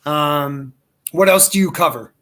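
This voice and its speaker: A fairly high-voiced man hosting a casual live podcast. He talks loosely and with eager enthusiasm, tossing around dude and brother. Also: a little slow, a bit bright. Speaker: podcast host. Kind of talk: casual live-stream chat.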